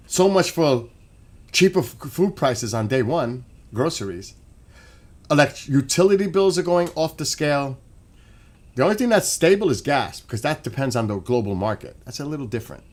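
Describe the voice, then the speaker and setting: Guy ranting on his stream, heated and sweary, talks fast then slows. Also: medium pitch. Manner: animated, swearing, rants. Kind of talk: casual ranting monologue.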